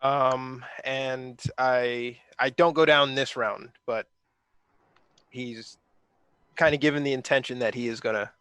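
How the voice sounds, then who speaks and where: A man's voice: medium pitch, fairly even intonation, slow pace, a bit bright, clear, resonant tone, no echo. A man playing a tabletop game, thinking aloud over rules with lots of hesitation. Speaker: player.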